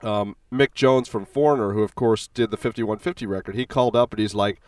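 A man interviewing a guest in a relaxed, easygoing way. His voice is smooth and clear but sits a little away from the mic. The sound itself is dry. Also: on the low side, brisk, dry recording, distant mic. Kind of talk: casual interview questions.

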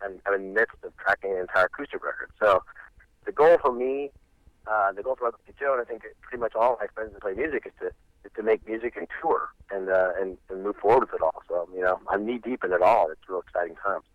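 Lively middle-aged man telling tour stories. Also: lowish voice, fast talker, dry recording, lo-fi sound. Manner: rambling, full of restarts and acted-out quotes. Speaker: musician guest. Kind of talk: animated storytelling in an interview.

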